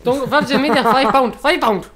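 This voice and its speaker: A man's voice: very high voice, fairly quick, a crowd in the background. A man hosting a casual podcast, joking, swearing and laughing with his friends. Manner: rowdy, laughing, swearing, breaks into humming tunes. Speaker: podcast host.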